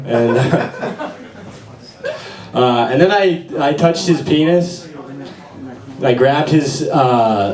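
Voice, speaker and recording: A young man doing open mic stand-up in a small venue, with a halting, awkward delivery full of fillers. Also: medium pitch, a little mellow. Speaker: stand-up comedian. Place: small bar venue with audience. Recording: echoey room, voice far from mic.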